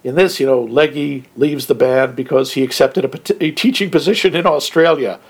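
A man with an ordinary middle-pitched voice talks through a film in casual podcast chat. He is wry and dry, and he reacts with short interjections. His tone stays conversational and easy. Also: brisk, breathy edge. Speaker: podcast co-host.

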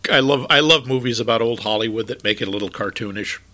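A man's voice: mid-range voice, quick pace, pushed and bright. A man from New England in a casual chat, talkative and prone to jokey impressions of locals.

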